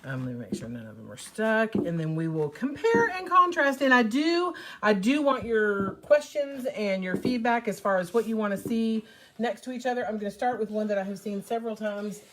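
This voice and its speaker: A middle-aged woman hosting a casual live stream, chatty and upbeat, a little hoarse while getting over an illness. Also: mid-range voice, lively intonation, normal speed, a little hiss or hum. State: recovering from covid, slightly hoarse. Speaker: host of a live paint demo.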